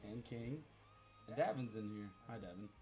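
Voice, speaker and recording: A man's voice: lowish voice, normal speed, dark tone, soft background music. A man casually telling a rambling, profane story to a live chat, repeating himself as he goes.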